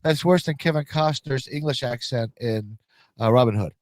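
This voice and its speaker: A man's voice: medium pitch, a little mellow, dry recording. A man co-hosting a podcast in casual chat, talking hesitantly. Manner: hesitant, halting.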